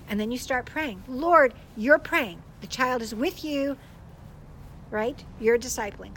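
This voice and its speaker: An older woman and grandmother giving a casual teaching talk about praying with children, telling stories in an animated way and laughing often. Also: on the high side, measured pace, a little hiss or hum, low-quality recording. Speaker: Christian speaker.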